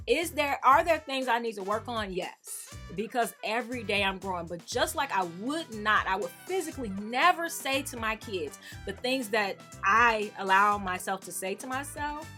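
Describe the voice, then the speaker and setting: A middle-aged woman speaks casually to her viewers with a bright, forceful voice and an animated, emphatic manner. Soft music plays faintly underneath. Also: mid-range voice. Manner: animated, gets sassy and emphatic. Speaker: YouTube creator. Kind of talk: casual talk to camera.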